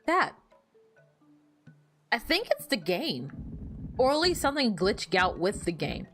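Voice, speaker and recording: A woman talks through her game for her stream viewers in casual, running commentary, her pitch swinging up and down as she goes. She is chatty and animated, quick to get flustered and to ask her chat questions. Faint game music plays beneath her voice.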